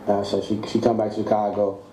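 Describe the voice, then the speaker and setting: A man tells a personal story in a loose, animated way, putting on the voices of the people in it. His voice is mellow and warm. It sits in a roomy, echoing space with faint noise behind it. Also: on the low side, fast talker. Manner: animated, acts out quoted voices, laughs mid-story. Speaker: guest telling a personal story. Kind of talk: casual storytelling.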